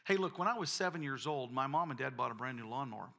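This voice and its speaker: Folksy, bright-voiced preacher man. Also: mid-range voice, fast, vocal fry. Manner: folksy storytelling, repeats words, animated. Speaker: pastor. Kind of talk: sermon with personal stories.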